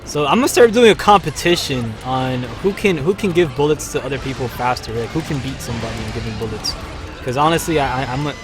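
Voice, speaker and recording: A man hosting a live stream, chatting casually and excitably as he plays, with bursts of cheering and laughter. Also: mid-range voice, fast talker. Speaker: live-stream host playing a game. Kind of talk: casual gameplay commentary. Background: game music.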